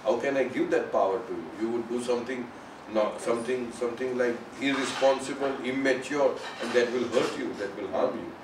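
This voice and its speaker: A man tells a parable in a loose, conversational way, leaning on "you know" as he goes. His voice sits at a middle pitch. He sounds some distance from the microphone in a reverberant room, with faint ambience underneath. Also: a little fast, background noise. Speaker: storyteller at a spiritual gathering. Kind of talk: informal spoken parable.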